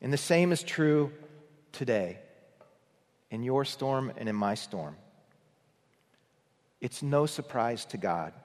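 A male pastor delivers a sermon in a long-echoing church hall. His voice sits at an ordinary pitch, and he talks earnestly, pressing his points harder and then falling almost to a whisper. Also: animated, slow pace, long pauses. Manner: earnest, swells for emphasis then drops to a hush.

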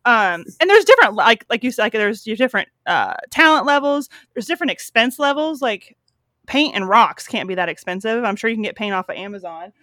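A woman's voice: fairly high pitch, big pitch swings, a little fast, sharp tone, dry recording. A woman co-hosting a podcast in casual chat, bubbly and enthusiastic, with lots of fillers. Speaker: podcast co-host.

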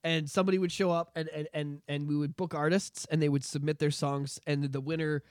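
A man's voice: fairly high pitch, flat delivery, a little fast, a little mellow, clean tone, dry recording, clean studio sound. A young adult man from Canada, hosting a podcast and ranting in casual, profane political chat with lots of repetition. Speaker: podcast host.

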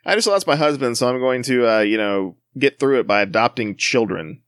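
This is a male podcast co-host with a mid-pitched voice that moves a lot. He makes wry, sarcastic jokes in a loose, conversational way. The recording is dry and close. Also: lively intonation, fairly quick, fairly bright tone, clean tone, no echo. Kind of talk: casual chat.

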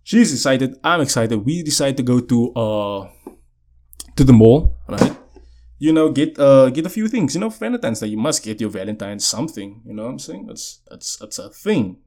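A man's voice: medium pitch, lively intonation, normal speed, a little mellow. A young man hosting a podcast, telling a personal story in casual chat, often asking "you know what I'm saying". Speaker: podcast host. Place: indoors, seated.

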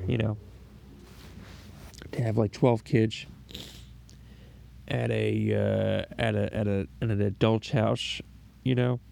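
A man's voice: fairly low pitch, gravelly, warm tone. A man doing Peter Griffin, crude cartoon dad. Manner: rambling, crude, stammering restarts. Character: crude oafish middle-aged cartoon dad. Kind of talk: improvised comedy impression podcast.

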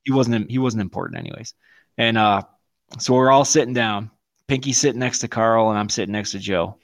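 Profane, animated male podcast storyteller. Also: fairly low pitch, brisk. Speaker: podcast co-host. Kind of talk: casual chat.

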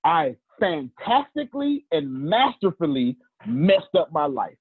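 A man hosting a live teaching session. He tells stories in a colloquial, animated way and calls on listeners by name. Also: fairly high pitch, a little slow, slightly rough, no room sound. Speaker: teacher and host. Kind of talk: live teaching talk with storytelling. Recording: tinny phone-like dry line.

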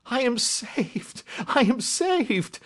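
A man voicing an excitable, distraught middle-aged banker in an audiobook, pleading and bursting with emotion. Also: a little high, measured pace, voice pushed up. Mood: ecstatic. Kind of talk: audiobook character reading.

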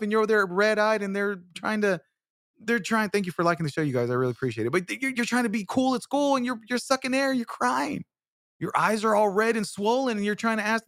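A man's voice: sits high, fairly bright tone, no echo, studio quality. A man hosting a show, telling comic stories in a rambling, profane way with many restarts. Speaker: show host. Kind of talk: comedic storytelling.

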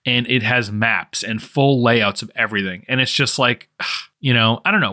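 A man's voice: medium pitch, moderate pace, pushed and bright. A young man co-hosting a podcast, chatting enthusiastically and nostalgically about video games, laughing often. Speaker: podcast co-host. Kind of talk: casual chat.

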